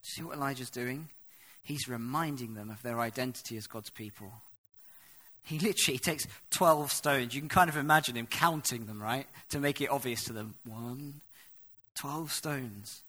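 Bright-voiced man preaching a sermon. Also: medium pitch, normal speed. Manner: dramatic, swings from hushed to loud when reading. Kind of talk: sermon reading and explaining scripture.

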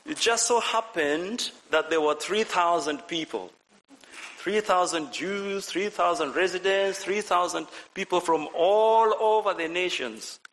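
A man preaching a lively sermon, asking the congregation questions and repeating his phrases. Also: high-pitched, unhurried, low-quality recording. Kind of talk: lively sermon with audience participation.

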